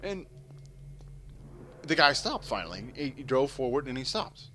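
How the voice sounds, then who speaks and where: A man's voice: medium pitch, brisk, a little hiss or hum. A man casually telling a long, rambling story full of swearing while playing a game. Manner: rambling, profane, animated storyteller. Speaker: gameplay commentator. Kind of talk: casual storytelling over gameplay.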